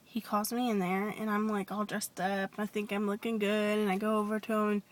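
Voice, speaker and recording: A woman telling a personal story in a confessional vlog, hesitant and rambling with many restarts, sometimes dropping to a soft whisper. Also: medium pitch, flat delivery, a little fast. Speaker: vlogger.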